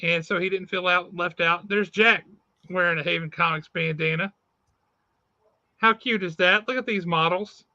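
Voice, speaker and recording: A man's voice: high voice, fairly even intonation, moderate pace, sharp tone, no echo, lo-fi sound. A man hosting a comic shop podcast over a video call, chatting casually and reviewing comics in an easygoing, self-correcting way.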